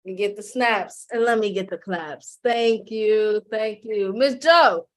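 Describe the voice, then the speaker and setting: A woman's voice: mid-range voice, slow pace. A woman hosting an online panel, hyping each guest with playful call-and-response introductions. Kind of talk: lively hype-up introductions.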